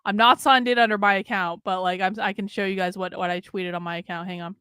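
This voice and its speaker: A woman's voice: mid-range voice, fast talker, clear, resonant tone, no room sound, clean studio sound. A woman hosting a livestream, giving casual, profane, sarcastic commentary a few beers in. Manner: profane, animated, sarcastic, mocking. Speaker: political commentary livestream host.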